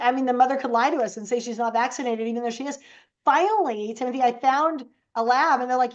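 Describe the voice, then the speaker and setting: A woman's voice: fairly high pitch, steady tone, fast, lo-fi sound. A woman guest on a podcast, telling stories casually and animatedly and acting out the voices she quotes. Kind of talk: casual storytelling.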